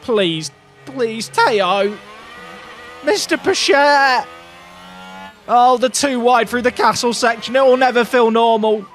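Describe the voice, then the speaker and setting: A young man giving excitable, jokey commentary while playing a racing game, talking to his chat and shouting at his drivers. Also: very high voice, measured pace, soft background music. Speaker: gaming video creator. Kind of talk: casual gameplay commentary.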